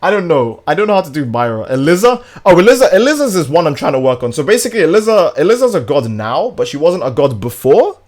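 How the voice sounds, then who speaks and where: A man's voice: on the high side, very animated, fast talker, hardly any pauses, darkish tone. Rambling young man on a stream. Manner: rambling, crude, joking. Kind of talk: casual livestream chat while gaming.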